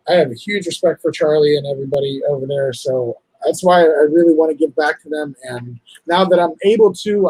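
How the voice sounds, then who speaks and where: A man hosting a casual livestream, talking in an emotional, halting, apologetic way. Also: a little high, mellow, breathy edge, dry recording, poor audio. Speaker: livestream host.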